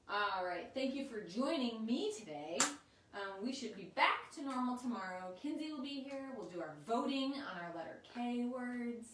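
A woman teaching a kindergarten class online, talking in a slow, sing-song, encouraging way. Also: a little high, expressive, a bit bright. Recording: roomy, slightly distant mic with faint ambience.

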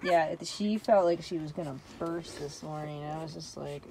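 A woman hosting a casual vlog about her dog's new litter, chatting on and off and cooing at the puppies in high baby talk. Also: animated, normal speed, mellow, slight background noise. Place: beside a whelping area at home.

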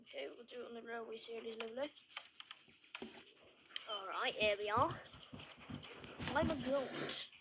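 A man's voice: extremely high pitch, fairly even intonation, a little fast, long pauses. A British man chatting playfully on a live stream, jumping between topics. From Britain. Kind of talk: casual live-stream chat. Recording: noisy stream audio.

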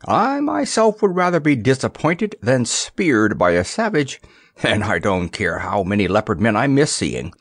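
A man voicing a timid, fussy little king in a storybook, nervous and quick to giggle. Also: fairly low pitch, sing-song, dry recording, clean studio sound, heavily acted.

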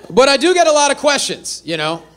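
A man performing a stand-up comedy set, telling animated, self-deprecating stories. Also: very high-pitched, slight background noise. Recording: live venue with faint audience.

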